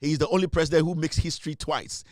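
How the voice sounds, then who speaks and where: A man's voice: a little high, fairly even intonation, fast, dry recording, clean studio sound. A man with a Ghanaian accent hosting an online talk show, giving casual political commentary with many fillers and repeated slogans.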